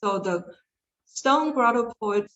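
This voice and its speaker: A woman's voice: on the high side, expressive, slow pace, a bit bright, dull audio. A woman giving an online language lesson, talking hesitantly with many fillers and restarts. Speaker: Chinese language teacher. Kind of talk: online lecture with slides. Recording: echoey room with faint noise.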